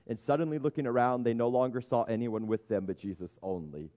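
A man's voice: mid-range voice, quick pace, few pauses, dark tone, lo-fi sound. A man preaching a sermon in a conversational, humorous way, often stopping to restart his sentences. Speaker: pastor.

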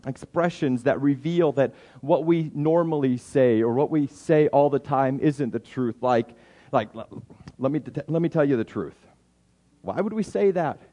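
A man, likely a pastor, delivers a sermon with lots of stammered restarts, slipping into little voiced excuses. His voice sits slightly high for a man. The sound carries a long hall reverb. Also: dark tone.

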